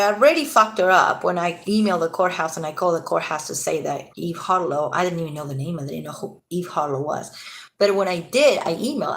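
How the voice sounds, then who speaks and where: A tired woman vlogger rants casually to her camera, rambling and agitated while swearing freely. Her voice sits on the low side with a slightly bright quality.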